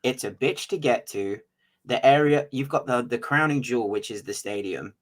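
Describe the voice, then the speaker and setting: A man's voice: medium pitch, moderate pace, low-quality recording. A man co-hosting a casual podcast over a remote link, cracking dry jokes and speaking bluntly with plenty of swearing. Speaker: podcast co-host. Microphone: remote recording over an online studio.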